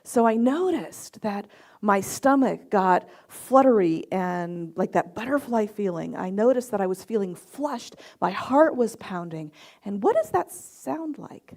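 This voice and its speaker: A middle-aged woman minister giving a sermon, telling personal stories and acting out quotes with lively swings in her voice. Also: medium pitch, a little slow. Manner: storytelling with lively acted-out quotes.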